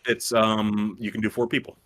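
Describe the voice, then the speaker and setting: Rambling young man with a low voice. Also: little pitch movement, normal speed, a bit bright. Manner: rambling, laughs often, swears freely. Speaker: stream co-host. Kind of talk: casual chat.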